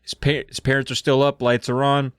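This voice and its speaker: A man co-hosting a comedy podcast, retelling a story with lively delivery. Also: medium pitch, a little fast, clean tone, no echo, studio quality. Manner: animated, laughing storyteller. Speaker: podcast co-host.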